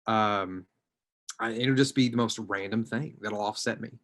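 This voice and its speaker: A man with a somewhat low voice gives personal testimony in an online group discussion. He speaks hesitantly and reflectively, and his sentences often trail off into quiet. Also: fairly even intonation, normal speed.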